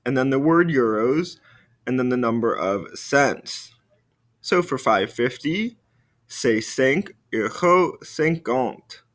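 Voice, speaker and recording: Male teacher voice, video lesson: steady explaining, slow drilled French phrases to repeat. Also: medium pitch. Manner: upbeat classroom explaining.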